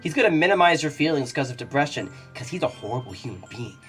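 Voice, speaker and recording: A woman's voice: sits low, lively intonation, fast talker, faint music behind. A woman playing a visual novel on a let's play channel, reacting with outrage and nervous laughter while she reads along. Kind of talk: emotional game commentary.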